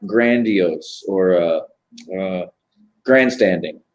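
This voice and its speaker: A man's voice: low-pitched, drawn-out words. A man in casual stream chat, talking in rambling, filler-heavy runs and swearing freely. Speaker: tattoo artist on a live chat stream.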